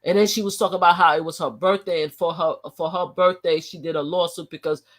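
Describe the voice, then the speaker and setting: A woman's voice: lowish voice, steady tone, fast. A woman, holding forth on her own live stream in a casual, heated rant. She leans hard on her words and circles back over her phrases, restarting and repeating them as she builds her point.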